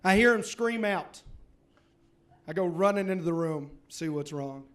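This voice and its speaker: A young man from Louisiana performs a stand-up set with a fairly high voice. He tells his story in short, punchy beats with playful comic timing. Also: lively intonation, a little slow. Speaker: stand-up comedian.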